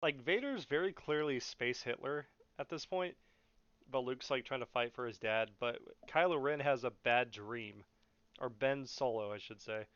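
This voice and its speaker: A man's voice: medium pitch, moderate pace, fairly bright tone, smooth, no echo, dull audio. Profane young man ranting on a podcast. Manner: profane, laughing, mocking. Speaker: podcast host. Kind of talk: casual podcast rant.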